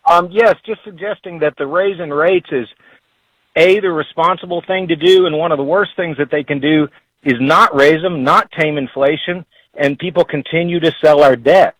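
A man from Texas calling into a radio talk show, speaking in a measured, formal and firm way. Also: fairly high pitch, fairly bright tone, no echo, rough recording. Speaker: caller.

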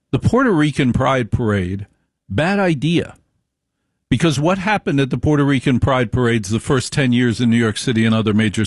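A man speaks in an opinionated monologue at an ordinary pitch for a man. He tells stories emphatically and repeats lines for stress. The recording is dry and close. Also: no echo.

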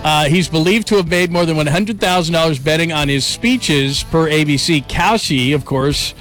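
A man hosting a national sports talk show, energetic and quick to heap praise. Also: a little high, soft background music. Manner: energetic, enthusiastic, hyperbolic praise.

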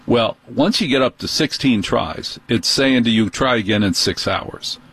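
A middle-aged man with a New York accent hosting a talk radio show, telling an animated, indignant story. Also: mid-range voice, measured pace, slightly rough, no echo.

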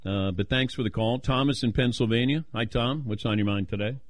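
A man hosting a sports call-in radio show, self-deprecating and quick to laugh. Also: mid-range voice, dry recording, clean studio sound.

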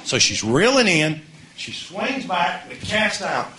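A middle-aged man from Mississippi, telling a folksy comic story on stage and shouting his punchlines. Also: high-pitched, sing-song, slow, heavy background noise. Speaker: comedian. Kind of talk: storytelling stand-up.

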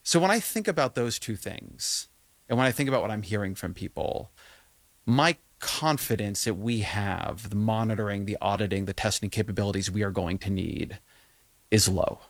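Low-voiced probing male host. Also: animated, creaky, no room sound. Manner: probing, measured questioning. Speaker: interview host. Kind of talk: interview conversation.

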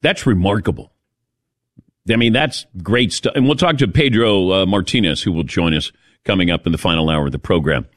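A man's voice: deep voice, brisk, dry recording, clean studio sound. A man hosting a sports talk radio show, taking calls and giving opinionated takes. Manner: opinionated, lively.

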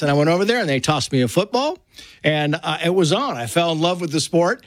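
A man's voice: fairly high pitch, fast talker, no echo, clean studio sound. A middle-aged man, an author guest on a talk show, telling stories with animation and acting out the quotes. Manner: animated storyteller, acts out quotes. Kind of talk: studio interview storytelling.

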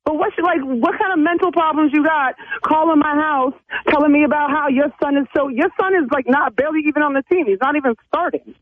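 A mother arguing heatedly on a phone call, indignant and cursing with quick retorts. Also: sits high, dry recording. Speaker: prank call target, mother. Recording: tinny dry phone line.

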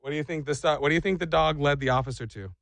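A man hosting a radio show, chatting and joking with animated energy. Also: fairly high pitch, very fast, creaky, no room sound. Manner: animated, joking, acts out voices. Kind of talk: morning radio banter.

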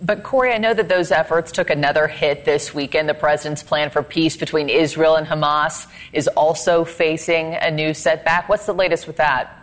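News anchor lady, low voice, brisk and chatty. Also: fairly even intonation. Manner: brisk, conversational handoffs.

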